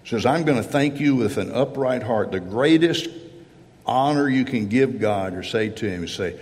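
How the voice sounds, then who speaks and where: A man's voice: mid-range voice, animated, normal speed, a little mellow. A man preaching a sermon earnestly, voicing heartfelt prayers in the first person as he speaks to his congregation. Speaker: pastor. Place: church sanctuary. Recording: church hall reverb.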